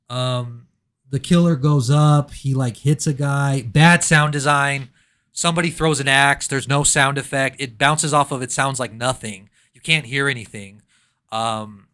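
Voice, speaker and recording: A man's voice: mid-range voice, pushed and bright, clean tone. A man reviewing a horror movie in casual chat, ranting sarcastically with mock outrage.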